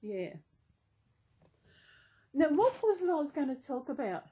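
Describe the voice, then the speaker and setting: A woman talking off the cuff to her vlog audience. Her voice sits a little high, and she rambles and gushes, gasping and restarting her sentences. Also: sing-song, a little slow, warm tone. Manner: rambling, gushing with many gasps and restarts. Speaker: vlogger. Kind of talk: casual unplanned chat.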